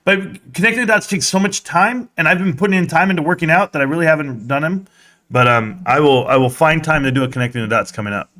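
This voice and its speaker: A young man hosting a live stream, talking excitedly, reading chat and yelling at times, sweaty and winded. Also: fairly high pitch, quick pace. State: sweating in a helmet. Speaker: livestream host.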